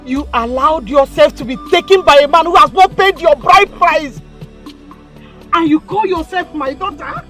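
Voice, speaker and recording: A woman's voice: high voice, normal speed, fairly bright tone, soft background music. An actress with a Nigerian accent playing a distraught village mother who scolds and wails over her pregnant daughter, in a film drama. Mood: scolding. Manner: wailing, emotional, reproachful. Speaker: actor.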